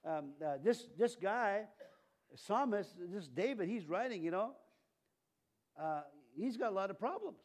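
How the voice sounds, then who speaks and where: A man's voice: high-pitched, animated, unhurried. A man preaching an informal sermon in a church, rambling and breaking off mid-sentence, chuckling at his own asides. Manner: rambling, self-interrupting, chuckling often. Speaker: pastor.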